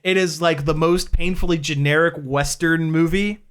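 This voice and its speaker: A podcast co-host telling an animated story in casual chat, laughing often. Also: mid-range voice, normal speed, smooth.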